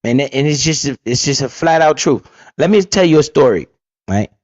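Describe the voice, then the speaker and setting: A man's voice: medium pitch, expressive, moderate pace, darkish tone, dry recording, lo-fi sound. A man giving blunt, profane, casual commentary while reacting to an interview, full of asides and storytelling.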